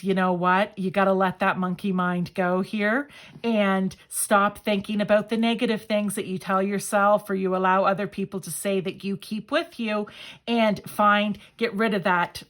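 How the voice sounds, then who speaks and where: A woman giving a casual pick-a-card tarot reading, chatty and enthusiastic as she talks straight to her viewers. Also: mid-range voice. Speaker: tarot reader.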